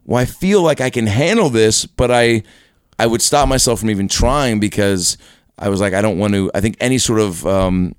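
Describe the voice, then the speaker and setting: Guy comic rambling through a story, lowish voice, super dry mic. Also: expressive, moderate pace, smooth, dry recording. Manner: rambling, self-interrupting storyteller. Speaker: guest comedian. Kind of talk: casual podcast chat.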